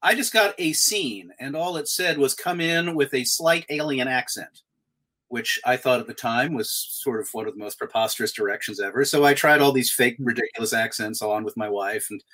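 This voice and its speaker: A man telling a casual anecdote about an audition, animated and swearing freely, with squawks and impressions. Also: mid-range voice, normal speed. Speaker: actor guest on a panel.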